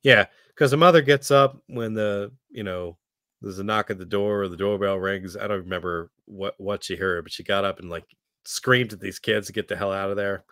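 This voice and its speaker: A man's voice: fairly low pitch, fairly even intonation, normal speed, a bit bright, dry recording. Man, podcast co-host, rambling, swears, acts out scenes, dry close sound. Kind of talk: casual chat.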